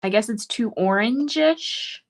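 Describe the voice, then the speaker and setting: Woman crafting on a video call, slow easy talk, thinks out loud. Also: fairly high pitch, expressive. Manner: unhurried, thinks aloud. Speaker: guest crafter. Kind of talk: casual crafting chat.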